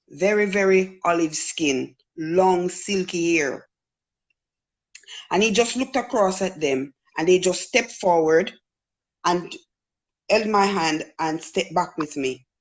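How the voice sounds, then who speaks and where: A middle-aged woman from Jamaica with a Jamaican accent, earnestly telling a personal story in casual talk. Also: fairly low pitch. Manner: earnest storytelling, acts out quoted voices. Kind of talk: casual testimony.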